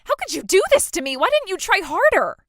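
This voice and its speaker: A whiny, entitled young bride, played by a woman, stammering and demanding in a dramatized text-message story. Her voice sits high, and the recording is dry and close-miked. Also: big pitch swings, a little fast, fairly bright tone, no echo, full character voice. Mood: shocked.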